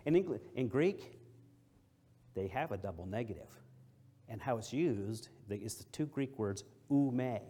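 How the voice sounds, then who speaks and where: A middle-aged man preaching a sermon, explaining a verse word by word. He stresses and repeats key phrases, and his voice swings between loud and soft. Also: medium pitch.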